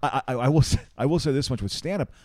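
While watching an awards show, a podcast co-host chats casually, rambling, restarting his sentences, and laughing easily. He talks fast at a medium pitch with a dark tone, and there is no echo.

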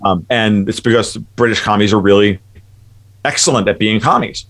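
A man's voice: lowish voice, moderate pace, a bit bright. A man talking as a guest commentator in a casual chat, rambling and emphatic, often restarting his sentences.

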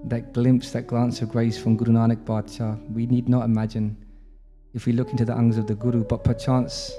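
A man's voice: mid-range voice, warm tone. A man preaching a devotional sermon, telling a sacred story in a reverent, intimate way. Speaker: religious teacher. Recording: faint music under reverberant room.

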